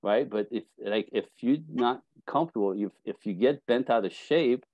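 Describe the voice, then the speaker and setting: A man's voice: mid-range voice, moderate pace, no room sound, poor audio. A man giving relationship advice in a casual interview, acting out little quoted scenes as he tells stories. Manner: animated storyteller acting out quotes. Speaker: relationship coach guest.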